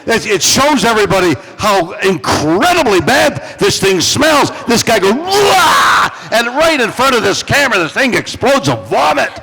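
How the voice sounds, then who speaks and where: A man in his eighties, a celebrity guest at a fan convention, tells stories with dramatic pauses and playfully teases fans. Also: high-pitched, sing-song, background noise. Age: 80s. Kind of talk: animated storytelling on stage. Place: large convention hall. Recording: long hall reverb from a convention stage.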